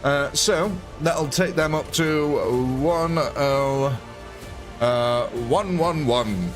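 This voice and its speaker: Guy streaming a game, chatty and jokey, voice sits a bit high, music playing under him. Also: extremely slow. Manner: chatty, jokey, reads out viewer names. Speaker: livestream host. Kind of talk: casual live gameplay commentary.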